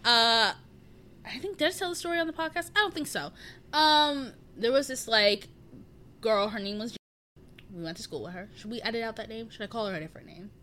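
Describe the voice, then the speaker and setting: Young woman podcast cohost, bright kinda high voice, giggly storyteller doing everybody's lines. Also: brisk. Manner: giggly storyteller who acts out quoted lines. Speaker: podcast co-host. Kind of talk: casual chat.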